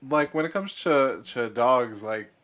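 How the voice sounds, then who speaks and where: Casting: young male podcast host, mid-pitched, blunt and profane, quick to laugh. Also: animated, a bit bright. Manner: blunt, swears often, laughs a lot. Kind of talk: casual chat.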